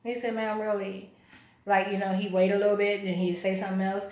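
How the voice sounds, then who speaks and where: A woman's voice: mid-range voice, flat delivery, quick pace, darkish tone. A woman vlogging a story in a blunt, profane, agitated way. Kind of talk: casual storytelling. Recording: echoey room.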